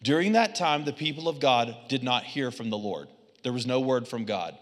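A man preaching a sermon as pastor, telling stories with humor in an animated, conversational way. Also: mid-range voice, moderate pace, in a large hall. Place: church sanctuary.

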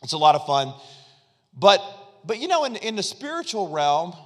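A man pastor delivers a sermon in a church sanctuary, talking in a loose, conversational way and often repeating phrases. He calls out to the congregation to answer back. His voice sits high for a man and trails off into a long hall reverb. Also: big pitch swings, normal speed, fairly bright tone. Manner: conversational preaching with repetitions and audience call-and-response.

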